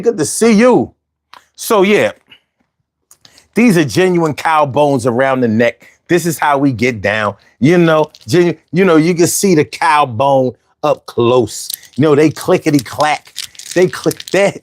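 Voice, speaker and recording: Here a man with a slightly high voice runs a casual livestream, bantering in slang as he reads out comments from viewers. He speaks close to the microphone in a dry recording.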